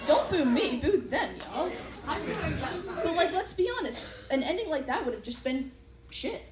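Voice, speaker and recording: A woman's voice: sits high, sing-song, measured pace, a loud crowd. A young woman doing a stand-up set before a live audience, with a wry, self-deprecating manner and many fillers. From United States. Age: young adult. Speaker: student stand-up comic. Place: large hall with a live audience. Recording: echoey hall, noisy live mic.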